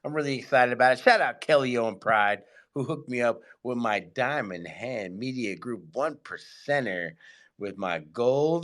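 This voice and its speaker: A man hosting a casual live audio chat, hyped and excitable, giving slangy shout-outs to his listeners. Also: medium pitch, normal speed. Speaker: host of an online audio space.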